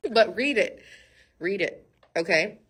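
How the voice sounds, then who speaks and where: A woman giving a casual, animated Bible-story sermon. She laughs often and talks straight to her viewers. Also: medium pitch, slow, slightly rough. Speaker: faith speaker.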